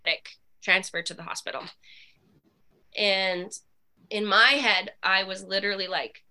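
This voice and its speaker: Podcast guest, woman, bright and crisp tone, animated, lots of fillers. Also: mid-range voice, unhurried. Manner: animated, with frequent fillers and laughs. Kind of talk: candid personal storytelling.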